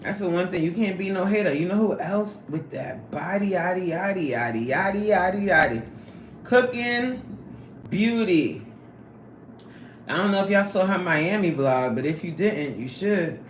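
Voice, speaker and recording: Animated, laughing woman livestreaming. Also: lowish voice, moderate pace, echoey room, a little hiss or hum. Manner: animated and sassy, laughs often. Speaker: livestream host reading chat. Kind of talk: casual livestream chat.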